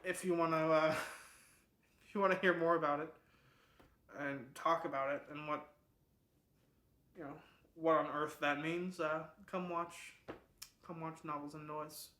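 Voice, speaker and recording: A man's voice: a little high, steady tone, unhurried, pauses often, sharp tone. A man hosting a book club, retelling a novel's plot in a casual, chatty way, full of fillers and restarts. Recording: echoey room.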